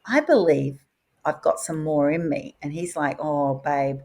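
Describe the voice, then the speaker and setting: Woman, 50s, animated storyteller, slightly low voice, acts out dialogue. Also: moderate pace, vocal fry, slightly rough. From Australia. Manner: lively, acts out quoted dialogue with big pitch swings. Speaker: podcast host sharing her story.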